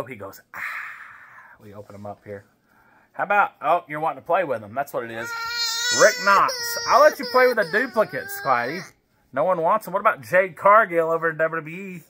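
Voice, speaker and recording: At home, a man opens wrestling card packs, reading the names aloud and chatting to his baby as he goes. This collector vlogger has a fairly high, pushed, bright voice.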